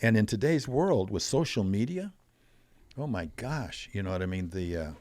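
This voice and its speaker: An older man telling stories as a podcast guest, animated, acting out quoted voices. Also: fairly low pitch, normal speed. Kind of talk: storytelling in a conversational interview.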